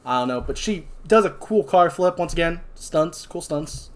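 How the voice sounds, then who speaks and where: Young male podcast co-host, slightly high voice, loose rambling plot recap full of fillers. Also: animated, moderate pace. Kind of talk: casual movie review chat.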